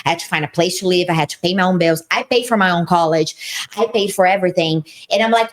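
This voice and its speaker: A woman's voice: fairly low pitch, fast talker. Brazilian-accented woman, podcast co-host, emphatic storyteller. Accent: Brazilian Portuguese. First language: Portuguese. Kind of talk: casual Christian podcast chat.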